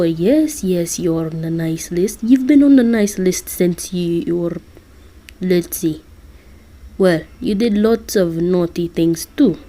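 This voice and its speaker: Santa, read by a woman, a lecturing old man. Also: fairly low pitch. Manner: lecturing, sometimes hushed. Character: jolly old man Santa, scolding and fatherly.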